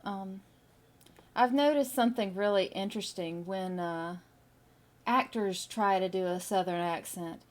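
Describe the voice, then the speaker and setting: Woman, middle-aged, unhurried casual chat, thoughtful, many fillers. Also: medium pitch. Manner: slow, musing, with many fillers. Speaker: artist streaming while drawing. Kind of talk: casual chat with live viewers.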